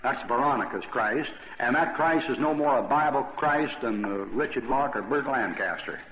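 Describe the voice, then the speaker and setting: A man with a mid-range voice preaches a verse-by-verse Bible sermon at a moderate pace, rambling conversationally with asides and questions for his listeners. The recording is dull and lo-fi, made in an echoey hall.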